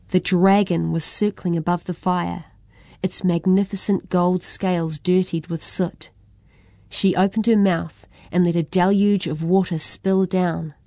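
A woman's voice: on the low side, mellow, dry recording. A woman reading a children's adventure story aloud.

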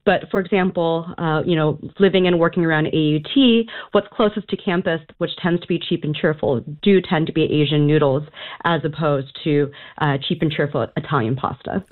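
A woman's voice: deep voice, fairly even intonation, moderate pace. A woman speaking as a guest on a radio interview over the phone, explaining in a knowledgeable way with frequent fillers. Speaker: food writer guest. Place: Auckland, New Zealand. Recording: tinny phone line.

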